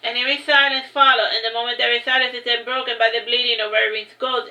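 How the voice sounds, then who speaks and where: A woman reading a fantasy novel aloud in a steady, plain way, with small slips now and then. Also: a little high, quick pace, hardly any pauses. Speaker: narrator. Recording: roomy echo.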